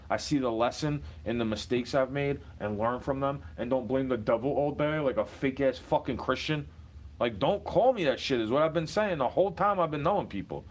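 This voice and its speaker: A man delivering a profane, combative rant straight to the camera, swinging between low muttering and loud outbursts. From United States. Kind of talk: profane ranting monologue.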